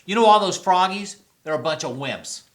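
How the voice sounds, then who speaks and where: A man's voice: high-pitched, lively intonation, moderate pace, a bit bright, reverberant. A young man playing a smug, tactless quack doctor in a comedy short, glib and mocking. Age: young adult. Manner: glib, mocking, puts on a fake French accent in jokes. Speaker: actor in a student comedy film.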